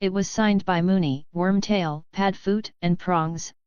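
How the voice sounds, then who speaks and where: A woman's voice: lowish voice, steady tone, measured pace, darkish tone, smooth, no room sound, dull audio, lightly acted. A woman voicing a proud, teasing twin schoolboy prankster.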